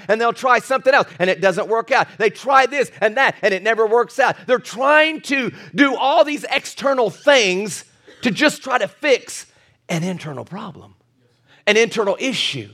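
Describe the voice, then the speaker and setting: High-voiced earnest preacher man. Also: expressive, normal speed, a bit bright. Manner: earnest, repetitive, builds to emphatic peaks; chuckles at his own asides. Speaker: pastor. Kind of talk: sermon.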